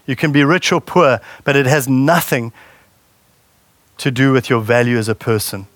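A man's voice: medium pitch, normal speed, no echo. A man preaching a sermon in a conversational way and putting questions to the congregation. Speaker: pastor.

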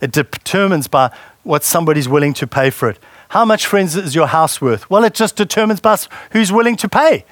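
A man's voice: on the high side, animated, fairly quick, dry recording. A man preaching a sermon in a conversational way and putting questions to the congregation. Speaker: pastor.

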